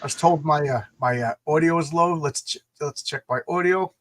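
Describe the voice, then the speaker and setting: Animated storytelling man, fairly high voice. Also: normal speed. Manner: animated, acts out voices in anecdotes. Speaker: host. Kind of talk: casual storytelling chat.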